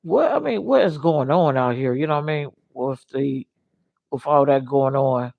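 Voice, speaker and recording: An older man speaks on a casual livestream in a gravelly, rough-edged voice at an ordinary pitch. His talk rambles earnestly, looping back on itself and leaning on the same filler phrases. The sound is dry and close, with no room echo. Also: lively intonation, moderate pace, narrow, tinny audio. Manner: rambling, earnest, repeats "you know what I mean". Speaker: livestream host.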